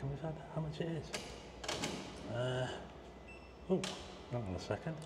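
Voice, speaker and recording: A man's voice: medium pitch, normal speed, heavy background noise. A man giving a chatty, rambling walking-tour commentary outdoors at night, pointing things out to his viewers. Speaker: vlogger. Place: outdoors, car park roof and town streets at night.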